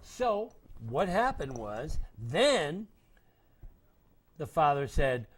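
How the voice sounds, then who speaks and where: An older man spins a tale for children with big, swooping pitch and a slightly husky tone. He turns dramatic, sometimes hushed, sometimes loud, as he acts the story out. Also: takes it slowly. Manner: animated, dramatic, with acted voices and whispers.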